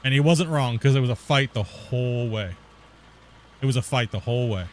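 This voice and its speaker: A man's voice: medium pitch, a little fast, a little hiss or hum. A man streaming a game and telling a story in a rambling, slangy way, calling people dude and bro. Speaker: gaming streamer. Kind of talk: casual storytelling while gaming.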